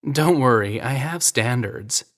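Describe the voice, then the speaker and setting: A man's voice: medium pitch, expressive, moderate pace, fairly bright tone, close to an everyday voice. A man voicing a teasing American woman photographer. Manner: playful, teasing, coy. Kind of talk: audio drama reading.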